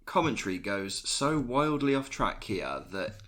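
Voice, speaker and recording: A young man co-hosting a casual podcast, excitable, laughing and swearing as he recaps wrestling. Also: mid-range voice, a little slow. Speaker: podcast co-host.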